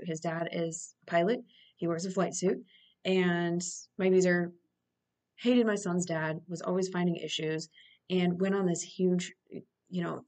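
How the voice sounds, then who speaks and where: A woman's voice: lowish voice, darkish tone. A woman in her thirties hosting a podcast, telling her own story in a candid, earnest, conversational way. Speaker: podcast host and coach.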